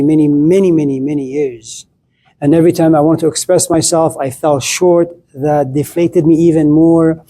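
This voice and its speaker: A man's voice: on the high side, mellow. A middle-aged man lecturing to a class, playful and acting out little scenes as he talks.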